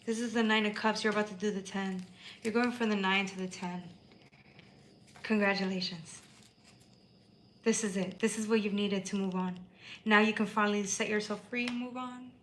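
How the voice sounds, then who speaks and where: A woman's voice: mid-range voice, fairly even intonation, moderate pace, long pauses, a little hiss or hum, rough recording. A woman giving a tarot reading on a live stream, talking in an emphatic, emotional way and swearing freely. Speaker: tarot reader.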